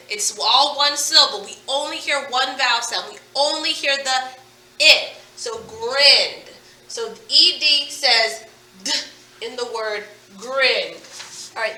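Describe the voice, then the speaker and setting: Woman teacher going over word endings, super bright high voice, echoey room away from the mic. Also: distant mic. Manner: patient, drills words slowly and asks questions. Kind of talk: phonics lesson.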